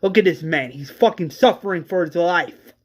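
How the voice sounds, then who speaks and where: A man's voice: high voice, animated, moderate pace, a little hiss or hum. A man voicing a blunt woman healer who speaks curtly and scornfully. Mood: bitter. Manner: curt and scornful.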